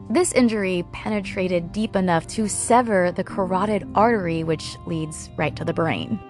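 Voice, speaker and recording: Female true crime podcast host, mid-pitched, chatty narration with snarky asides, faint music underneath. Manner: conversational, with sarcastic asides.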